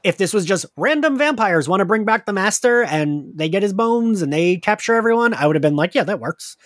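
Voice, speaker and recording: Chatty man with a lively voice. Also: high-pitched, fairly quick, no echo, clean studio sound. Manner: chatty, laughs often, many fillers. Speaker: podcast host. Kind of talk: casual chat.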